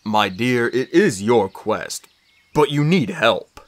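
A narrator voicing an old male centaur teacher in an audiobook, slow, solemn and measured. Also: medium pitch, animated. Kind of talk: audiobook character voice.

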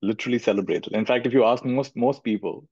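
A man's voice: mid-range voice, fast talker, a little mellow, breathy edge, no echo. A middle-aged man from India, giving a thoughtful spiritual talk as a teacher and repeating phrases for emphasis. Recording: dull lo-fi recording.

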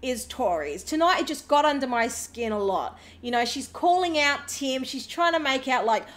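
A woman's voice: high voice, expressive, moderate pace, fairly bright tone. A woman hosting a reaction video, talking in a sarcastic, indignant way. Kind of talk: reaction commentary.

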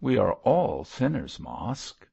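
A man's voice: mid-range voice, sing-song, slow pace, creaky, dark tone, husky, exaggerated voice. A man voicing a fervent lay preacher who pleads and lectures in a grave, preachy manner. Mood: earnest. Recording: muffled lo-fi recording.

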